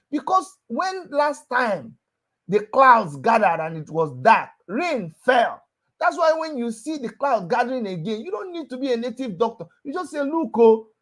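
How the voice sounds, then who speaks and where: A man's voice: very high-pitched, fairly bright tone. A man hosting a heated political talk show, pressing his point with rhetorical questions and hammering repetition.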